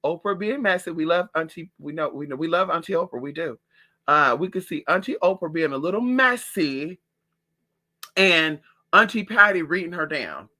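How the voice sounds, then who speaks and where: A man talking in a sassy, profane, animated way in a casual gossip monologue at home. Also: fairly high pitch, normal speed. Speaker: vlogger.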